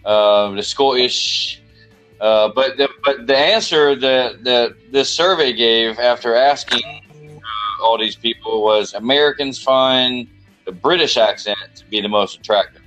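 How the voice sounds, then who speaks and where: A man's voice: mid-range voice, a little slow, a bit bright, faint music behind, rough recording. A man with a Southern US accent hosting a casual podcast chat, rambling and joking with many restarts. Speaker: podcast host.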